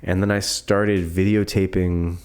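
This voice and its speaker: Podcast guest: man in his 20s, very deep voice, easygoing, rambling storyteller. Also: unhurried, clean tone. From Florida. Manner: relaxed, rambling storyteller with laughs and fillers. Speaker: guest filmmaker. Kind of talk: casual podcast chat.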